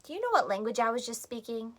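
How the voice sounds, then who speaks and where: Woman, storytime reader; high pitch, very animated swings, unhurried teacherly delivery for children. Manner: teacherly, coaxes children to repeat and join in. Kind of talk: reading a picture book aloud to kids.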